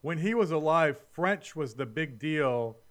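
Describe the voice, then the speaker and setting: A man's voice: fairly high pitch, expressive, a little slow. A man co-hosting a podcast, chatting casually about a book with blunt, opinionated complaints. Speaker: podcast co-host. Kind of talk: casual book-review chat.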